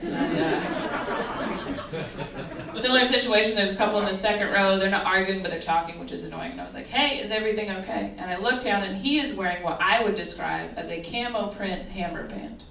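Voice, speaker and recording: A woman's voice: medium pitch, fairly quick, vocal fry. A woman performing a stand-up set, telling wry stories and landing punchlines in a comedy club. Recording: roomy live venue, mic picked up from a distance, loud laughter. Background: audience laughter.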